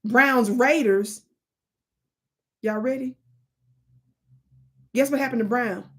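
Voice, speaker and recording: A livestream host reads history aloud in a slow, rather high voice, calling out to her chat in an animated, preachy manner.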